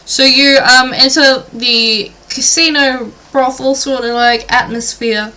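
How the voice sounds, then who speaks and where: Woman DM, unhurried, bright tone, lots of ums and likes. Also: sits high, steady tone. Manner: hesitant, filler-heavy narration. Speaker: dungeon master. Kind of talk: narrating a tabletop game.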